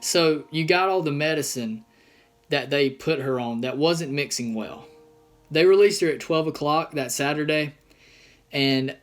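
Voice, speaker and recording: A young man in a personal vlog, telling a painful family story in an earnest, halting way with many pauses. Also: mid-range voice. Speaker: vlogger.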